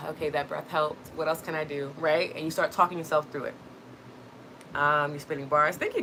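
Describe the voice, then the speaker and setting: A woman's voice: deep voice, expressive, normal speed, noisy background. A woman hosting a livestream, talking earnestly and reassuringly to her viewers, often checking in with "right?". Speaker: host. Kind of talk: livestream motivational talk.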